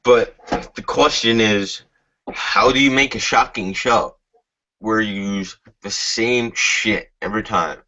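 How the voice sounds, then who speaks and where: Guy rambling and cursing in casual chat, bright sharp voice, muffled lo-fi sound. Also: mid-range voice. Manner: profane, rambling, searches for names. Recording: dull lo-fi.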